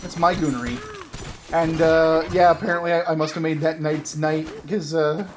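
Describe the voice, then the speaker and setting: A man's voice: fairly high pitch, fairly even intonation, moderate pace, noisy background. Chatty self-mocking man in his thirties. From Canada. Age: 30s. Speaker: gaming video host. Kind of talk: casual gameplay commentary with storytelling.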